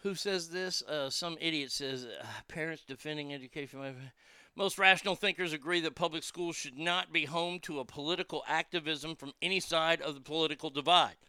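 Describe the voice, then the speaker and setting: A man's voice: fairly high pitch, brisk, hardly any pauses, sharp tone, clean tone, no echo, clean studio sound. A man hosting a commentary show, ranting heatedly with sarcasm and profanity and repeating words when worked up.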